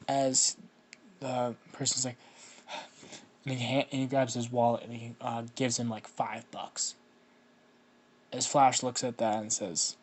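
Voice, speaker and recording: A man improvising a fan-made story out loud, rambling with many fillers and restarts. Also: mid-range voice, flat delivery, takes it slowly, pauses often, husky.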